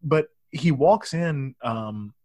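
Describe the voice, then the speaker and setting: A man's voice: medium pitch, animated, slow pace, darkish tone, no echo. Dry, joking man in casual chat. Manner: joking, acts out movie lines in mock voices. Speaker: podcast co-host. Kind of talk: casual movie review chat.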